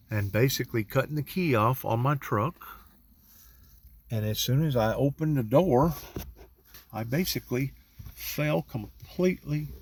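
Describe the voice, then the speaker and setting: A middle-aged man, slowly telling a personal religious testimony with emphatic rising peaks. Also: medium pitch, a little hiss or hum. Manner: slow, drawn-out storytelling with rising emphatic peaks.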